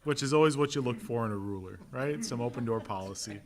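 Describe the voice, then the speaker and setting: Joking his way through a casual Bible lesson in a church classroom, a male pastor talks conversationally with a mid-range voice and an Upper Midwest American accent. He tosses out "right?" often and does quick impressions of voices.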